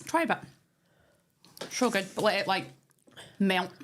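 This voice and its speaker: A woman's voice: mid-range voice, unhurried, a bit bright, slight background noise. A woman co-hosting a casual watch-along with teasing banter, talking with her mouth full of chocolate. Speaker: co-host. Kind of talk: casual chat.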